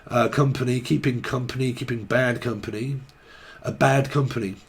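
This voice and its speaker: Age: adult. Sex: man. Role: tarot reader. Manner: rambling, jokey, swearing. Pitch: middling. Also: fairly even intonation, moderate pace, slightly rough. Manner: rambling, free-associating, jokey, swears casually. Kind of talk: casual stream-of-consciousness tarot reading.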